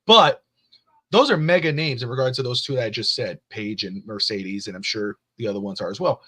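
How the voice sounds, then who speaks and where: Male podcast co-host, mid-pitch, loose rambling delivery with lots of fillers. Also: fairly quick, bright, forceful tone. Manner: rambling, with many fillers and voiced quotes of family. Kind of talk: casual wrestling podcast chat.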